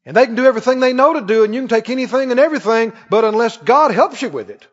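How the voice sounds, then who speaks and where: Man, pastor, high voice, emphatic sermon, long church reverb, dull sound. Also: lively intonation. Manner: emphatic preaching, rising to shouts, quick asides.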